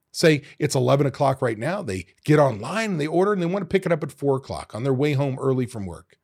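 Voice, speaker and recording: A middle-aged man hosting a solo podcast, retelling restaurant owners' complaints in an animated, exasperated way with mild swearing. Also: on the high side, gravelly, slightly rough. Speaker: podcast host.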